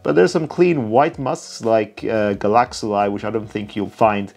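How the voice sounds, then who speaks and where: A man's voice: lowish voice, normal speed, vocal fry, darkish tone. A tired man giving casual, chatty reaction commentary as a perfume reviewer, enthusiastic and self-mocking. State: tired late at night.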